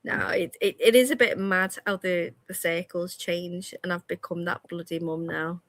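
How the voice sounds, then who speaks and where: In a casual chat on a radio show, the female co-host laughs a lot while sharing stories about her children, saying things like "me" instead of "my". She speaks on the low side with a steady tone and moderate pace, over a little hiss or hum.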